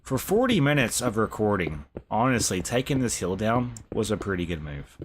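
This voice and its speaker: A young man talks loosely over his gameplay, cursing and tossing in bro. His voice sits a little low. Steady noise and clicks run under it. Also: moderate pace. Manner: laid-back, swears, says bro a lot. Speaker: live streamer. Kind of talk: casual gameplay commentary.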